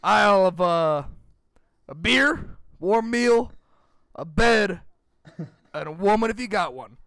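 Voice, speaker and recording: Gruff old frontier prospector, put on by a man mid-joke, high-pitched, slow and drawn-out. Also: lively intonation, fairly bright tone, no echo, studio quality, heavily acted. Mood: demanding. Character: gruff old male gold-town prospector.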